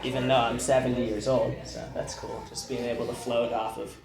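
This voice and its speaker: A man's voice: medium pitch, flat delivery, brisk, vocal fry, crowd noise, voice pushed down, lightly acted. A nasal, laid-back older Jeff Goldblum, put on by a man, murmuring and pleased with himself. The sound is roomy, with a club audience behind. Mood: smug.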